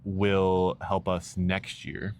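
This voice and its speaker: A man's voice: low voice, monotone, drawn-out words, a little mellow. A man hosting a casual podcast interview, laughing often and rambling as he searches for words. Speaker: podcast host. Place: outdoors in a park. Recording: faint outdoor background noise.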